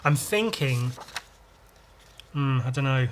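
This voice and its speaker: A man chatting casually through a drawing podcast, talking to himself as he works. His delivery is loose and rambling, full of crude asides and self-mocking jokes, with a middling pitch. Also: animated, slow pace, slight background noise. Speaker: podcast host and illustrator.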